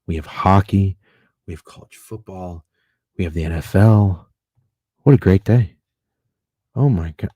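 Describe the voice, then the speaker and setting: Talking through games and bets on his casual sports betting livestream, a man rambles excitably and swears freely. He has a low, slightly rough voice and an unhurried delivery with long pauses, in a muffled recording with no echo.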